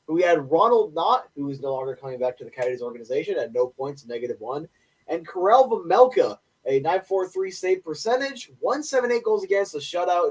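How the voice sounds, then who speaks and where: A man's voice: fairly high pitch, darkish tone. Young male podcast co-host, raised voice, enthusiastic stat-rattler, slightly off-mic. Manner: enthusiastic, opinionated, quick stat rundowns. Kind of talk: casual sports podcast chat. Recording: voice a bit distant from mic.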